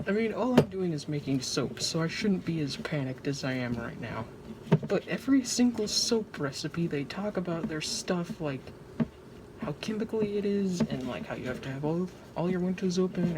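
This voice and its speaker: A woman's voice: on the low side, expressive, moderate pace. A woman narrating her own craft project in a casual vlog, anxious, dramatic and joking at her own expense. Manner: anxious, dramatic, self-mocking. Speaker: vlogger. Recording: noisy home recording.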